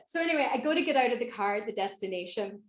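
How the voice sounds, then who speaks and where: A woman's voice: on the high side, lively intonation, racing, slight background noise. A woman in her forties from Ireland, with an Irish accent, giving a motivational talk as a business mentor and rallying her audience to answer in the chat. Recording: roomy echo.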